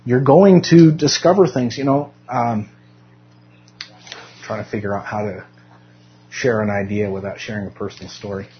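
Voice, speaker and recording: A man's voice: on the low side, moderate pace, long pauses, dull audio, slight background noise. Man teaching a casual Sunday class. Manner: conversational, self-deprecating, with frequent restarts. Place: church classroom.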